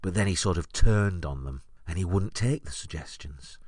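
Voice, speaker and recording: A man hosting a podcast, recounting an anecdote in a wry, deadpan storytelling monologue. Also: low-pitched, normal speed, dry recording, studio quality. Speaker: podcast host.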